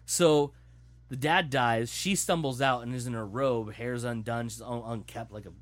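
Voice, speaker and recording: A man in casual chat, retelling a story in an animated, profane way. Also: medium pitch, moderate pace.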